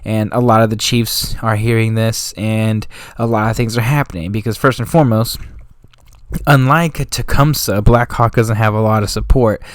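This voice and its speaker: A man with a fairly low voice talks through history in a loose, slangy way, like a casual channel host. He rambles and often corrects himself mid-sentence. The recording is close and dry, with no room sound. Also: steady tone, normal speed, no room sound. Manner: slangy and offhand, drifting into street talk; rambling, with frequent self-corrections.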